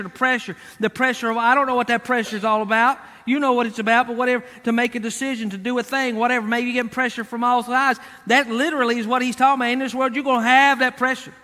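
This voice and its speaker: High, bright-voiced preaching man. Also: in a large hall. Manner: emphatic, repeats key words, talks straight to the congregation. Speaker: pastor. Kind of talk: sermon.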